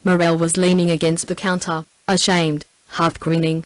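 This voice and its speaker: Australian female TTS narrator, low and level, dry close sound, steady audiobook read. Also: normal speed, no room sound, poor audio. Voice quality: even synthetic text-to-speech delivery. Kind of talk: scripted narration.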